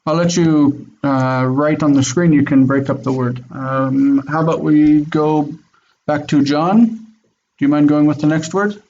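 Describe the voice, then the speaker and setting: Male language teacher, slow patient drills, slightly raised pitch, dull call audio. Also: steady tone, a little mellow. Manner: slow, careful pronunciation drills. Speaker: Biblical Hebrew teacher. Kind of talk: online class, patient teaching.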